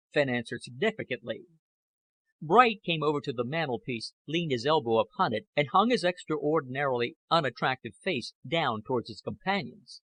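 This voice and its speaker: A man narrating an audiobook in a steady, even reading. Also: mid-range voice, moderate pace, breathy edge, no room sound.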